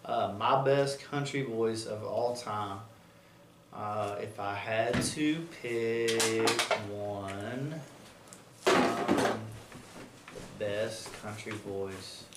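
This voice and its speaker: A man's voice: fairly low pitch, drawn-out words. Laid-back man, slangy chat. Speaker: podcast co-host. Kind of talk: casual chat. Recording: echoey room, mic at a distance, faint noise.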